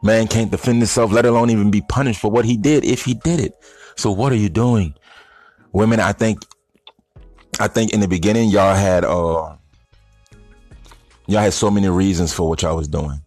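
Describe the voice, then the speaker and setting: A man's voice: on the low side, steady tone, moderate pace, long pauses, darkish tone, no room sound, soft background music. A man giving a blunt, rambling, casual opinion monologue to his audience of stoners. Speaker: vlogger addressing stoner audience.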